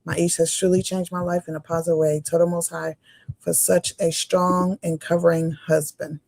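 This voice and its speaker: A woman's voice: on the low side, level tone, normal speed, gravelly, a little mellow, dry recording. A woman co-hosting a religious livestream, reading viewer comments aloud and often laughing.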